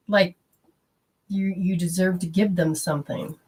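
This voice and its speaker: A middle-aged woman with a low, husky voice talks in a loose, rambling way. She hosts a spiritual talk show and slips into little acted-out voices when she quotes people. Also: a little slow, pauses often. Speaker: spiritual radio host. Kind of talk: casual spoken talk.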